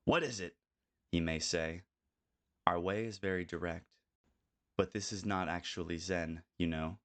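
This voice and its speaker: An older man giving a calm, measured audiobook reading. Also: deep voice. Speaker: audiobook narrator. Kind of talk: scripted narration.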